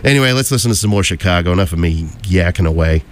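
Hoarse rambling radio DJ man. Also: low voice, animated, fast talker. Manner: rambling, chatty, jokey asides. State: hoarse from a cold. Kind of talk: casual on-air chat. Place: radio station studio.

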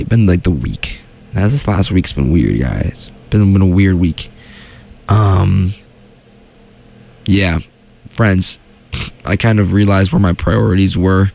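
This casual solo radio chat features a young man with a low, darkish voice and vocal fry. He broadcasts from a small studio and rambles, full of fillers and restarts.

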